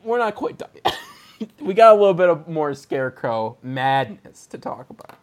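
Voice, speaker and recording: A man's voice: fairly high pitch, sing-song, normal speed. A man hosting a podcast, chatting casually and rambling through a retelling, often laughing. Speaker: podcast host. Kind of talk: casual review chat.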